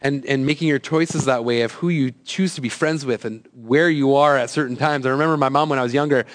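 A man's voice: medium pitch, steady tone, a little fast. A man in his thirties giving a casual, conversational sermon as a youth pastor, joking at his own expense and acting out quoted voices. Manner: conversational, self-deprecating, acts out quoted voices.

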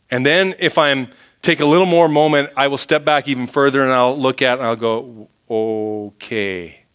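Bright-voiced pastor preaching a sermon. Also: male voice, mid-range voice, moderate pace, clean tone. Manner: earnest, rising to fervent pleading prayers then dropping to quiet reflection.

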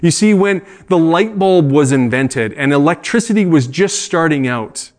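A man's voice: a little high, lively intonation, moderate pace. A middle-aged man preaching a sermon as a pastor, earnest and conversational, with asides and self-corrections.

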